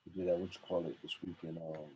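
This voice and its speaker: A man's voice: low-pitched, flat delivery, fast, mellow, breathy edge, dull audio. A man hosting a live-streamed talk show, promoting events in a laid-back, slang-filled way. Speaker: podcast host. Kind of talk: casual live-stream chat.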